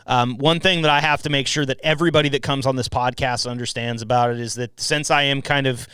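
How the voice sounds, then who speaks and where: Laughing, foul-mouthed podcast host. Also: male voice, mid-range voice, fairly even intonation, fast talker, pushed and bright, clear, resonant tone, no room sound. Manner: loose, profane and laughing. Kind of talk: casual chat. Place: home podcast room at night.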